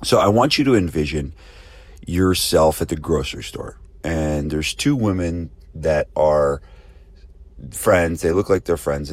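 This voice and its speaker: A man with a very low voice hosts a podcast for gym owners. He talks casually, posing rhetorical questions as he tells a story. The sound is dry and close, with no room echo. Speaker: podcast host and gym business coach. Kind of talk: casual spoken promo and talk.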